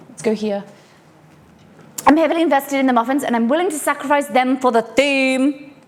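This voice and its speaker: A woman's voice: sits high, a little hiss or hum. An English woman hosting a casual live cooking stream from her home kitchen, chatty and rambling with cheeky asides. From England.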